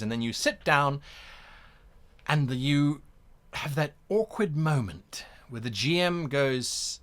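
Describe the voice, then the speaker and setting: Animated man giving advice. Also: on the high side, slow. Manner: animated, acts out examples. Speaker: host. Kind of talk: instructional talk.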